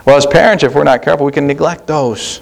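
A man's voice: on the high side, fast, gravelly. A man preaching a sermon as pastor, plain-spoken, with rhetorical questions and frequent restarts.

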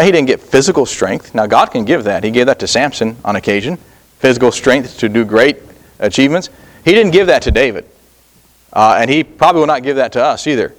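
A middle-aged man preaching a sermon in an earnest, halting way, repeating words and pausing often. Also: medium pitch. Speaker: pastor.

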